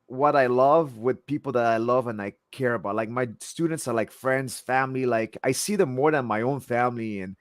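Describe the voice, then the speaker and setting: A man's voice: mid-range voice, normal speed, hardly any pauses, no echo. Dry, eager French-accented man in his forties. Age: 40s. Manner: passionate, eager, often repeats and restarts words. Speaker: jiu-jitsu instructor, guest. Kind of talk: casual interview chat.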